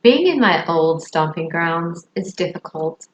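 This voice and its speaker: A woman's voice: fairly low pitch, lively intonation, highs cut off, slight background noise. Reflective woman vlogging in an echoey room. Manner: reflective, halting, with hesitant fillers and soft laughs. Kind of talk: personal confessional vlog.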